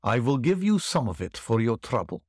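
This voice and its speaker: A man voicing a vengeful man disguised as a foreign stranger, speaking calmly and formally. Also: mid-range voice, moderate pace, no room sound, studio quality.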